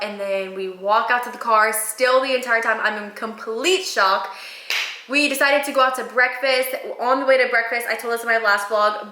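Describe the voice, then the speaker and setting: A woman in her twenties, chatting excitedly to camera as a vlogger and telling a story. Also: on the high side. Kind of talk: casual chat. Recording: echoey room.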